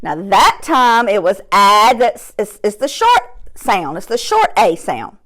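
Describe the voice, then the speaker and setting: A woman teaching a phonics lesson to young children, stretching out sounds and words slowly and clearly while seated at her desk. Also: medium pitch, sing-song, fairly bright tone. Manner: slow, drawn-out sounds, emphatic. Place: classroom or home desk, seated in chair.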